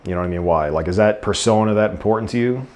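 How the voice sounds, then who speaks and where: A man in his thirties with a New York accent and a fairly low voice. He answers interview questions in an unhurried, easygoing way, full of ums and restarts. He sounds relaxed and conversational. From New York, Staten Island. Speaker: guest. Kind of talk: casual interview chat.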